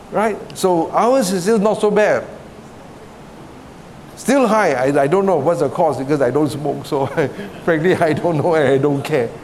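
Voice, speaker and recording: A man's voice: sits high, darkish tone, slight background noise. A middle-aged man from Singapore with a Singaporean English accent, preaching a sermon in a conversational way, often checking with the congregation and laughing between points.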